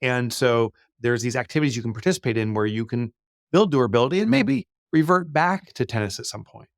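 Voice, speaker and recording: A man's voice: medium pitch, lively intonation, fairly quick, vocal fry, no echo, clean studio sound. A middle-aged man answering interview questions in a chatty way, often with fillers and restarts. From United States. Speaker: guest, business author.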